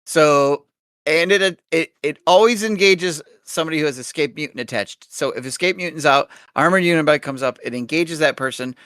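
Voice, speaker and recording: A man's voice: fairly high pitch, moderate pace, a bit bright, clear, resonant tone, no room sound, clean studio sound. A man hosting a podcast, easygoing and chatty, reading game cards aloud and thinking aloud. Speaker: podcast host.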